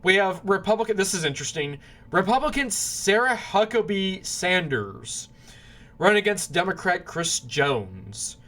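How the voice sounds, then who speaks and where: A man talks through his election predictions in a loose, rambling way, his voice sitting a little higher than most men's. He keeps restarting sentences and apologizing whenever he trips over a name. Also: sing-song, unhurried, bright, forceful tone. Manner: rambling, self-correcting, apologetic over names. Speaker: political commentator. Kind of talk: casual predictions monologue.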